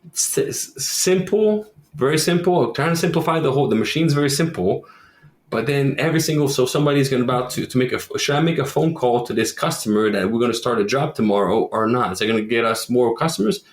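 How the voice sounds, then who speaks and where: A man's voice: mid-range voice, fast talker, reverberant. A man from Quebec, a roofing company owner, talking in a casual podcast interview and acting out quoted voices as he tells stories. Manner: animated storyteller who acts out quoted voices.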